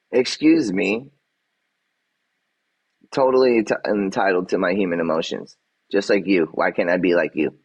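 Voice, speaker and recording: On a livestream rant, an agitated man answers his chat, getting defensive, cursing and repeating himself as he vents. His fairly low voice has vocal fry and a breathy edge, and the recording sounds muffled.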